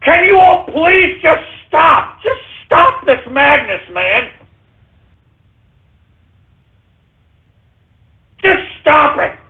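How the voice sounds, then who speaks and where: Short-fused shrill male sidekick for a radio comedy bit, shouty and whiny, over a thin phone-line sound. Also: very animated, slow pace, creaky, a little hiss or hum, heavily acted. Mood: furious. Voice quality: whiny, shouting, exasperated ranting. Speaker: radio show regular. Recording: tinny phone-like audio.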